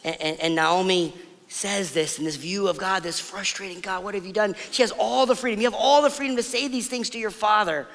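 High-voiced male pastor in a reverberant hall. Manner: conversational storytelling, drops to soft emphatic pauses. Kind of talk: sermon.

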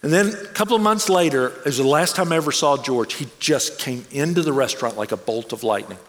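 A man preaching a sermon, telling a personal story in an animated way and acting out the people he quotes. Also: mid-range voice, fairly quick. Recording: long reverb of a large hall.

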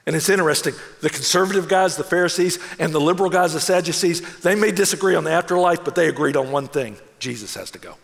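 A man preaching a sermon as an animated storyteller, acting out the voices in his story and dropping to a hush for solemn moments. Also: on the high side, fast, gravelly, few pauses, long reverb tail. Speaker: pastor.

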